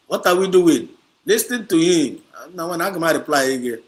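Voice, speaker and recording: A man with a Nigerian accent and a voice on the high side hosts a heated livestream from a streaming setup, speaking at normal speed with lively intonation. He's combative and repetitive, switching between English, Pidgin and Igbo.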